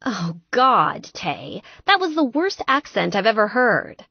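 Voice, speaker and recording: A woman's voice: mid-range voice, sing-song, creaky, breathy edge, dry recording, dull audio, full character voice. A woman doing a bossy, exasperated friend. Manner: brisk, scolding, raised voice.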